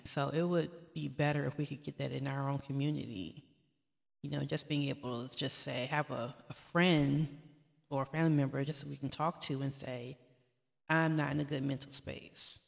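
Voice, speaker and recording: Woman with a gravelly voice giving earnest heartfelt talk to camera, lots of echo. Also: extremely low pitch, steady tone, moderate pace. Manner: earnest, pleading, faith-driven encouragement. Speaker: vlog host. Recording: long reverb, echoey room.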